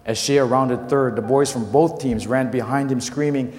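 A man's voice: mid-range voice, steady tone, moderate pace, few pauses, a little mellow. Earnest male pastor in an echoey hall. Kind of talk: sermon storytelling and prayer. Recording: echoey hall with faint music.

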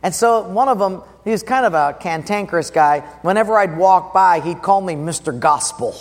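A middle-aged man preaching a sermon, animated and conversational, acting out the voices he quotes. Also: high-pitched, normal speed, hardly any pauses, big-room sound. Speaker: pastor.

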